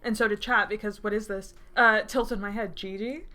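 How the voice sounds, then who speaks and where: A woman's voice: medium pitch, steady tone, normal speed, bright, forceful tone, soft background music. A woman in her twenties reading her old writing aloud, breaking off for laughing, mocking and sarcastic asides. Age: 20s. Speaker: YouTuber.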